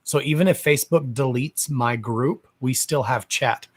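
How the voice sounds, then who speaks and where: A man's voice: medium pitch, normal speed, husky. A man hosting a live stream as a psychic medium, chatting casually from home in a sassy, gossipy way, cussing freely and calling his viewers darling.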